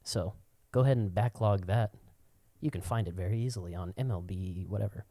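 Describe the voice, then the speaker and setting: A man's voice: lowish voice, fairly quick, mellow, no room sound. A man co-hosting a casual podcast, telling stories in a profane, ranting way. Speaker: podcast co-host.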